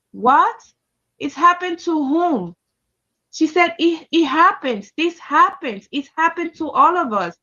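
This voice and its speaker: Woman with a high voice, heated storytelling, lots of cussing, kinda dull lo-fi sound. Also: pushed and bright. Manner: emphatic, heated retelling with heavy profanity. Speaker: storyteller recounting a personal experience. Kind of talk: casual personal storytelling.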